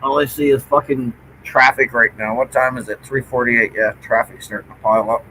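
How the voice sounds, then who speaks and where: A man's voice: medium pitch, fairly even intonation, brisk, pushed and bright, a little hiss or hum, poor audio. A middle-aged man with a Newfoundland accent, chatting casually and swearing freely. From Newfoundland, Canada. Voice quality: gravelly, swears a lot. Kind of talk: casual chat.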